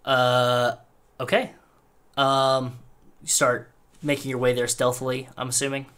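A game master narrating a tabletop game, who talks haltingly with lots of "like" and restarts. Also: medium pitch, little pitch movement, fairly bright tone, smooth.

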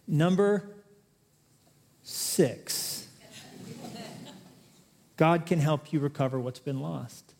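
A man's voice: on the high side, fairly even intonation, slow, long pauses, a little mellow. A male pastor preaching a sermon, chatty and joking at times, then building to emphatic, rising exhortations. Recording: long reverb of a large hall.

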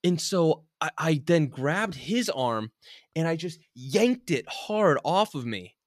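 A young man co-hosting a casual chat, telling a story in an animated way, swearing freely and laughing often. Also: fairly high pitch, takes it slowly, dry recording, clean studio sound.

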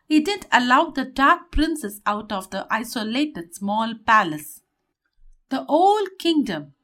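A woman narrating a children's story in an expressive, animated way. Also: a little high.

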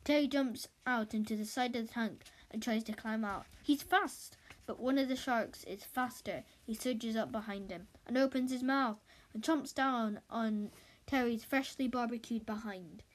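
A woman reading a children's story aloud in a lively, playful way. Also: a little high, normal speed. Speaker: reader of a children's book.

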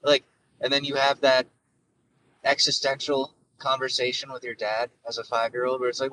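Profane, rambling young podcast host. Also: male voice, medium pitch, flat delivery, moderate pace, bright, forceful tone, recorded from a distance, a little hiss or hum, rough recording. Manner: rambling, profane, jokey, with frequent fillers. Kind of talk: casual solo monologue.

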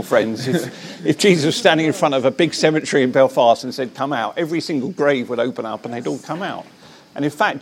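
A man preaching his faith in an interview, earnest and animated, with frequent restarts. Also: mid-range voice, vocal fry, a little hiss or hum. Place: Belfast.

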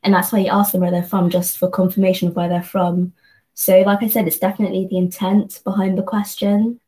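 Woman, earnest, reflective, thinks aloud, restarts often, level narrow pitch. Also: level tone, brisk, mellow. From London, England. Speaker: guest, company associate. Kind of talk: reflective conversational discussion.

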